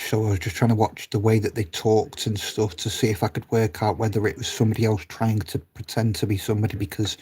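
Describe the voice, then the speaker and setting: A man's voice: fairly low pitch, mellow, slightly rough. Chatty man streaming, swears freely. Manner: rambling and chatty, swears freely, laughs often. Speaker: live streamer. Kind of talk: casual chat reading live comments.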